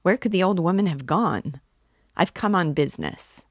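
A woman's voice: fairly low pitch, animated, normal speed, no room sound, clean studio sound, pitched above the performer's own voice. A woman reading aloud, voicing an impatient man visitor who grumbles and curses. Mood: irritated. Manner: grumbling, cursing.

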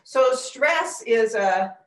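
A woman coaching a group in a live workshop, energetic and demonstrative as she walks them through movement exercises. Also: fairly high pitch, very slow. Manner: energetic, demonstrative, talks with gestures. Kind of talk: live presentation with audience exercises. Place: presentation room with a group. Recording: echoey room, mic far off.

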